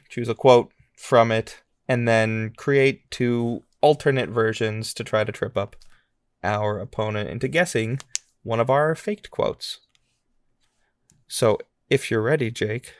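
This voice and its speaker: A man co-hosting a podcast game segment, relaxed and chatty, laughing easily. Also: medium pitch, clean tone, dry recording, studio quality. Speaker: podcast co-host. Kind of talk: casual game-show chat.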